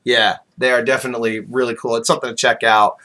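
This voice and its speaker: A man's voice: mid-range voice, flat delivery, quick pace, sharp tone. A man guest on a casual podcast who talks hesitantly, with lots of ums, and is modest about himself.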